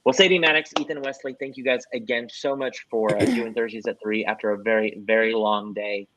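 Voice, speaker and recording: A man's voice: on the low side, steady tone, a little fast, fairly bright tone, no echo, dull audio. A man hosting a casual livestream interview, upbeat and rambling, chuckling often as he promotes upcoming shows. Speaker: host.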